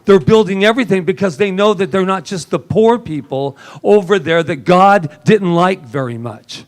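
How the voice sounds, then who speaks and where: A man preaching a lively sermon in a church service, joking and laughing often with the congregation. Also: high-pitched, moderate pace. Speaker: minister.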